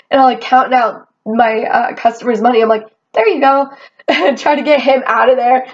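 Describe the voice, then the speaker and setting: A young woman telling a casual storytime rant, animated and swearing, quoting herself as she goes. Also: on the high side, moderate pace. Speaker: vlogger. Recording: dull lo-fi sound.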